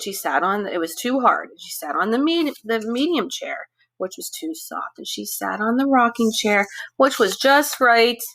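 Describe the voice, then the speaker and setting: A woman's voice: mid-range voice, fairly bright tone. A woman telling a fairy tale to young children in a chatty way, asking her listeners questions as she goes. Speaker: storyteller for preschoolers. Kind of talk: reading a children's story aloud.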